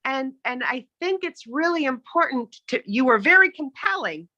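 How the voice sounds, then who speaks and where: A woman's voice: high-pitched, sing-song, normal speed, pushed and bright, no room sound, highs cut off. A woman evaluating a speech on a video call, frank and a little hesitant.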